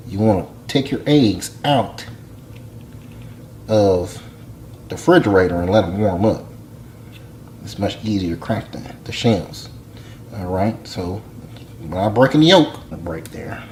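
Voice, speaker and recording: A man giving a casual cooking demonstration in a home kitchen, with folksy, relaxed step-by-step instructions. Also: lowish voice, slow, pauses often, a little hiss or hum.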